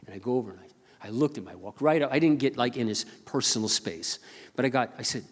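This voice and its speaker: An older man preaching as a pastor, telling a story earnestly and haltingly, often repeating his words. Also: medium pitch, animated. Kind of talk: sermon storytelling. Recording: long reverb of a large hall.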